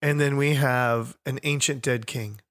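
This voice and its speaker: A man's voice: medium pitch, fairly even intonation, a little slow, fairly bright tone, no room sound, studio quality. A man co-hosting a gaming podcast who jokes and teases playfully. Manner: joking, playful. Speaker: podcast co-host. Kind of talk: casual podcast banter.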